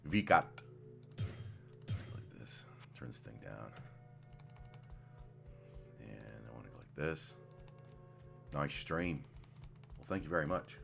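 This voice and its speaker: A man's voice: a bass voice, animated, slow pace, vocal fry, long pauses, fairly bright tone, faint music behind. A man casually commenting while streaming a game, rambling and swearing, with mumbled asides, speaking into a desk microphone.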